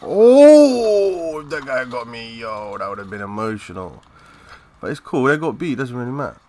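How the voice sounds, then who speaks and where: A young man giving live, excitable commentary over a shooter game, swearing and chatting in slang. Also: medium pitch, a little fast. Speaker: gaming commentator.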